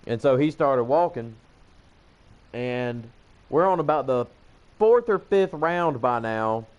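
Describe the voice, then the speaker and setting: A man's voice: mid-range voice, normal speed, clear, resonant tone. A young man with a Southern US accent casually telling a long, profane story while he plays a game. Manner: profane, rambling, animated. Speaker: gaming channel host. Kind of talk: casual storytelling over gameplay.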